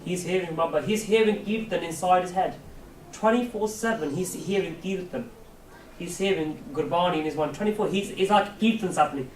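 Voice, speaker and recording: A man's voice: sits high, brisk. A man telling a story to a youth camp as a Sikh preacher, asking the audience questions and acting out voices. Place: large hall at a camp. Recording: echoey hall, mic far off, faint hiss.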